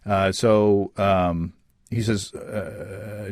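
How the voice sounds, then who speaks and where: Lively and laughing, a male podcast host reads out listener letters, his casual chat peppered with fillers and restarts. His voice is lowish at normal speed, captured in studio quality with no room sound.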